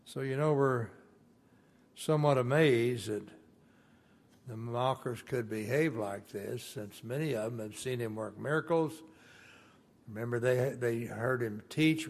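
A man delivering a sermon at an unhurried, deliberate pace. His pitch sits mid-range, and he speaks earnestly and emphatically, rising in intensity when he quotes. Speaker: preacher.

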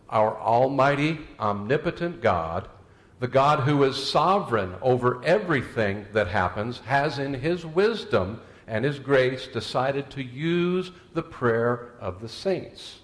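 A man's voice: medium pitch, animated, slow. A man preaching a sermon as pastor, mixing scripture and prayer with folksy jokes and anecdotes, with some fillers and restarts.

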